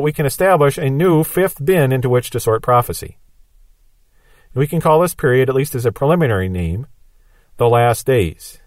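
A man's voice: medium pitch, a little mellow, no room sound. Man patiently teaching Bible prophecy. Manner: patient explaining with everyday examples.

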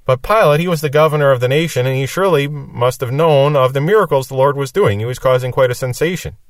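A man teaches scripture in a steady, mid-pitched voice. He reads a verse and then explains it plainly. The sound is dry, and he stands a little back from the microphone. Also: fast talker, no room sound, distant mic. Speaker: Bible teacher.

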